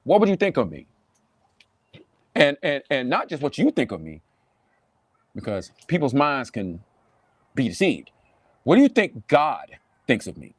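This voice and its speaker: A man preaching to camera in a Southern US accent, animated and mocking, often repeating himself. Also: mid-range voice, measured pace, pauses often, dry recording. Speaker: pastor. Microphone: webcam or phone on a desk, livestream.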